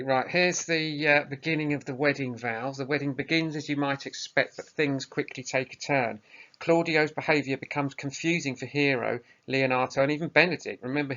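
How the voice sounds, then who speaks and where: Bright-voiced male teacher. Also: mid-range voice. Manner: explaining tasks plainly, often hesitant. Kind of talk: recorded remote lesson. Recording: muffled lo-fi recording.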